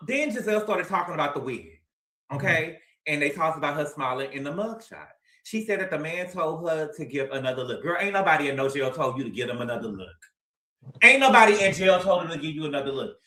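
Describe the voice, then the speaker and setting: A man's voice: sits high, pushed and bright, reverberant. A man hosting a livestream, recapping reality TV in a sassy, dramatic way and repeating his lines for emphasis. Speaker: livestream host. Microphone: streaming mic.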